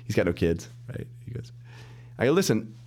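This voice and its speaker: A middle-aged man, a mortgage lender, telling his story as a podcast guest in an animated way, acting out the dialogue and laughing as he goes. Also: on the low side, moderate pace. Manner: animated storyteller, acts out quoted dialogue, restarts and laughs often. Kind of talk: casual storytelling interview.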